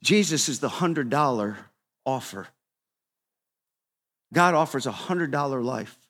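A man in his fifties preaching a sermon to a room, conversational and repetitive, swinging between quiet asides and emphatic, raised exhortation. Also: medium pitch, expressive, measured pace. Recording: long reverb of a large hall.

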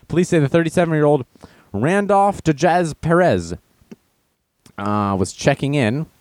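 A man's voice: a little high, animated, a little slow, darkish tone, no echo. A man hosting a casual news show, reading stories aloud and mocking them with sarcastic asides. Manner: sarcastic, mocking with put-on voices; reads headlines then riffs on them. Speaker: show host.

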